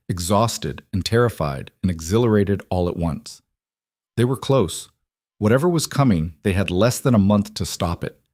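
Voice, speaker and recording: A man giving steady, measured scripted narration of a story. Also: on the low side, no room sound, studio quality.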